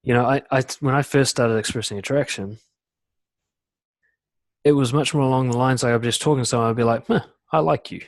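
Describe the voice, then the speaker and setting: A man coaching in a casual webinar talk, full of "you know" and "like", acting out quoted lines in lively voices. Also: mid-range voice, a little fast, long pauses, dry recording. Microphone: computer mic on a video call.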